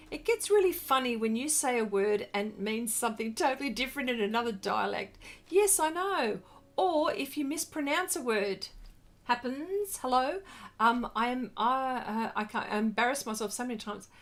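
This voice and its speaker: A woman's voice: on the high side, fairly bright tone. Gushing woman chatting while painting. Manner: gushing, effusive, reads viewer comments aloud. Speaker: art livestream host. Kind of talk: casual livestream chat while painting.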